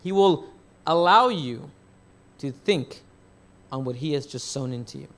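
Lively high-voiced male pastor preaching. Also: measured pace. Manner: asks the congregation questions and answers them himself; rephrases and restarts mid-thought. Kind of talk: sermon.

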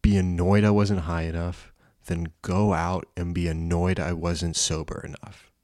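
Young male podcaster, deep voice, rambling and self-mocking, crude. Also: level tone, measured pace, darkish tone, dry recording, clean studio sound. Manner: rambling and self-deprecating, swears often. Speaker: podcast host. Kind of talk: casual solo podcast monologue.

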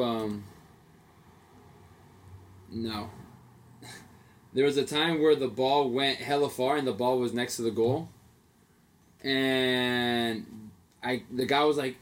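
A young man co-hosting a casual podcast, telling animated stories in slang and swearing freely. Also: mid-range voice. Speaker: podcast co-host. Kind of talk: casual chat.

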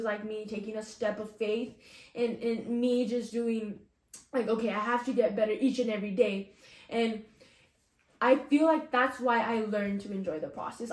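A young woman sharing a personal faith testimony, earnest and casual, full of "like" and "you know.". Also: fairly high pitch. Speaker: testimony speaker. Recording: echoey room.

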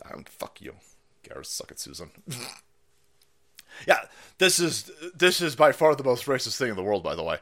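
Guy ranting on his livestream, swearing nonstop, voice jumps all over the place, loud then mumbly. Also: medium pitch, sing-song, a little fast, pauses often. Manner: profane, mocking, swings between shouting and muttering, laughs often. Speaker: livestream host. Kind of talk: ranting live commentary.

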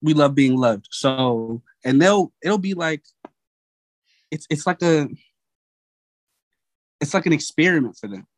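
Laid-back young guy, lively pitch. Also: no echo. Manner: laid-back, halting, trails off. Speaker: podcast guest. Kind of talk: casual chat.

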